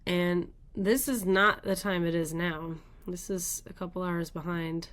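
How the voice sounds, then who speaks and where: A woman's voice: fairly low pitch, fairly even intonation, measured pace, a bit bright. A woman hosting a daily weather radar show, thinking aloud in casual, rambling commentary as she looks at the maps.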